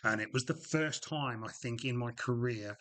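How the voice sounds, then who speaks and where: A middle-aged man with an Australian accent tells stories from his paramedic days in a loose, unscripted way. His voice is bright and forward, and he keeps circling back with fillers and restarts. His pitch sits in an ordinary male range. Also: moderate pace. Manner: frank, rambling, with many fillers and restarts. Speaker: retired paramedic telling stories. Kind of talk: casual podcast storytelling.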